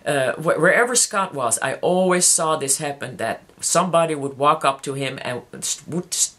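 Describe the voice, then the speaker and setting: A heartfelt vlogger speaks straight to subscribers in a casual, personal way. The speech halts often, with restarts, "uh"s and "um"s, and the voice sits at a middling pitch. The talk is openly emotional and confiding throughout. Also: bright, forceful tone. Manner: halting, many restarts and fillers. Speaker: YouTuber addressing subscribers.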